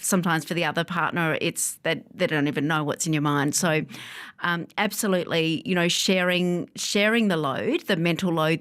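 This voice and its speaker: A woman, a psychologist speaking calmly and reassuringly in a podcast interview, with frequent fillers. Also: fairly low pitch, clean tone. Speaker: psychologist guest.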